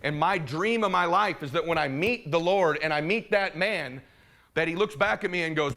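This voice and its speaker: A middle-aged man giving a motivational speech, impassioned and swinging between urgent and hushed, intimate moments. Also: fairly high pitch, moderate pace, a little hiss or hum. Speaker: motivational speaker.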